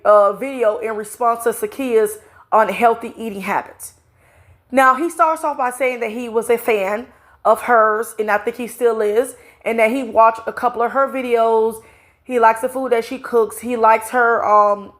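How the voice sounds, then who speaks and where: A woman speaking talks through a stuffed-up nose and audible breathing, her voice sitting a little high. She delivers casual, indignant vlog commentary, piling up fillers as she goes. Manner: chatty, indignant, drawn-out fillers. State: congested nose, heavy breathing. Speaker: commentary vlogger.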